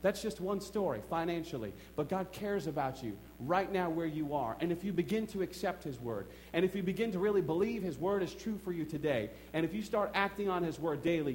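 Man, middle-aged, preacher, emphatic storytelling sermon, church, higher voice. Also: a little fast, hardly any pauses, a little hiss or hum. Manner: storytelling, emphatic, swings from quiet asides to excited outbursts. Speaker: pastor.

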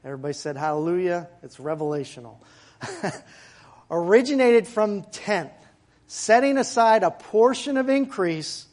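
A man preaching a sermon to his congregation in a church, in a conversational way with asides and quick jokes. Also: high voice, expressive, a little mellow. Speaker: pastor. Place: church sanctuary.

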